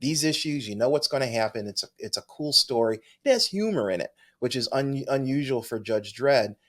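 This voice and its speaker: A man's voice: mid-range voice, animated, brisk. Enthusiastic male comic podcast co-host. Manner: enthusiastic, with frequent restarts. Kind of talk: casual chat.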